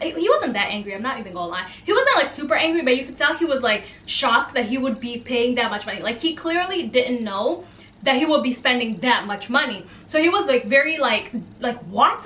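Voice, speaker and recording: Young woman spilling a dramatic story, high bright voice, slangy, echoey room. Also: recorded from a distance. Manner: animated, dramatic, slangy asides. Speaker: storyteller vlogger. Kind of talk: casual storytime narration.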